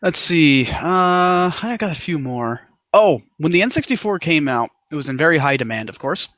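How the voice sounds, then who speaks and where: Male podcast host, relaxed trivia reader, slightly raised pitch, dry recording. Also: normal speed, dry recording. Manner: easygoing, laughs often. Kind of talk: casual chat, reading out trivia.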